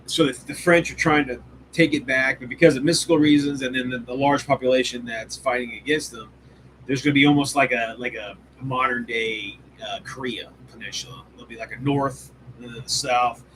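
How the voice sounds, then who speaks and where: A man hosts a live hobby stream from his home hobby room, chatting casually and enthusiastically with frequent swearing, rambling, fillers, and restarts. His mid-range voice is fairly quick and fairly bright with fairly even intonation. The audio is poor, with slight background noise.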